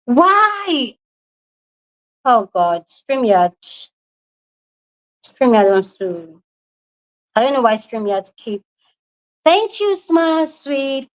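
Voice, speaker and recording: A woman from Nigeria, hosting a casual live-stream chat from a room at home and squealing and shouting when excited. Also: sits high, extremely slow, pauses often, highs cut off. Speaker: livestream host.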